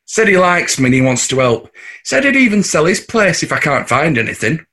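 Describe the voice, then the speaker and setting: A man's voice: on the high side, big pitch swings, a little fast, bright, forceful tone, exaggerated voice. An actor with a Mancunian accent playing a scheming, boastful working-class husband and father, cocky and coarse. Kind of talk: audio drama acting.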